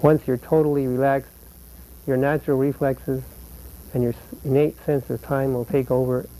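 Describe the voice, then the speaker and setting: A man teaching flamenco guitar, explaining rhythm patterns patiently and counting beats aloud slowly. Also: mid-range voice, little pitch movement, mellow, rough recording. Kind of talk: instructional lesson.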